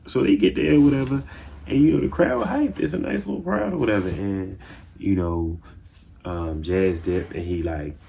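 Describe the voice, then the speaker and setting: A man recapping TV episodes in a casual, slangy, excitable way, with lots of fillers. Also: on the low side, moderate pace, vocal fry, a little hiss or hum. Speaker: TV show reviewer.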